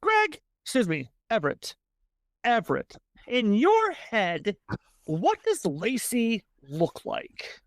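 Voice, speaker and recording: A woman's voice: a little high, wildly swooping pitch, slow pace, no echo, clean studio sound. A woman narrating a tabletop game as game master, descriptive and full of fillers.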